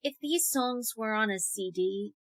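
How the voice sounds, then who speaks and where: A woman co-hosting a casual movie review chat, speaking in a sarcastic, expressive way. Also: a little high, unhurried. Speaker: co-host.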